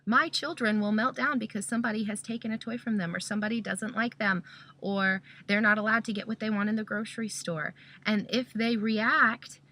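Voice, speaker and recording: A woman with a bright, forward voice at a middle pitch gives a casual teaching talk as a Christian parent. She works through her points one step at a time and keeps checking in with "okay?". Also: steady tone, fairly quick.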